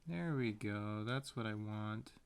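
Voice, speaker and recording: A man's voice: lowish voice, slow, creaky, smooth. A man casually narrating as he paints a tiny picture, rambling to himself with playful sound words. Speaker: painter and video maker.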